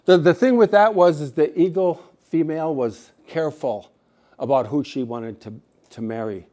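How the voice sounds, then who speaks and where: A middle-aged man telling a story at a community gathering, relaxed and humorous with jokey asides. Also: a little high, moderate pace. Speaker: storyteller and speaker.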